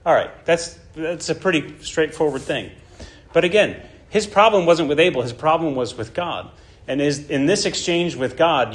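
A man's voice: mid-range voice, measured pace. A man preaching a sermon in an emphatic way, often checking in with his listeners. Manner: emphatic, checks in with "right?" and "okay?".

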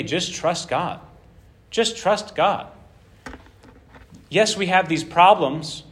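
Man teaching scripture, slightly high voice. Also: a bit bright. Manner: conversational, checks in with rhetorical questions; repeats key phrases for emphasis. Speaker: Bible teacher. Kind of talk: verse-by-verse Bible teaching.

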